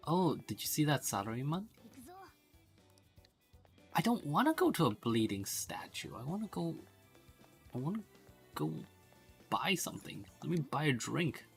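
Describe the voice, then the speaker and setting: A man with a gravelly, fry-laden voice chats through a game stream on almost no sleep. He rambles like a joking lecturer and breaks into laughs, with faint game music under him. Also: a little high, very animated, a little slow, long pauses. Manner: rambling, mock-professorial, laughs often. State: sleep-deprived. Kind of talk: casual live-stream game commentary.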